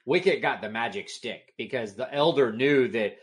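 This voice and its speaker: A podcast co-host with a mid-range voice and moderate pace chats casually about a movie, launching into animated, exasperated rants about the film's silly moments.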